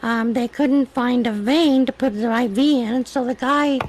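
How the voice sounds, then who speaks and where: A woman's voice: fairly high pitch, moderate pace, darkish tone, rough recording. A woman hosting a livestream in casual chat, with a weak voice that is hard to project, telling a story in a chatty, rambling way. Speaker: livestream host.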